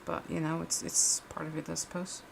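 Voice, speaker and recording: A woman's voice: low-pitched, little pitch movement, a little fast, gravelly, background noise. A young adult woman chatting casually as she crafts on a livestream, rambling with frequent restarts and fillers. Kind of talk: casual chat while crafting.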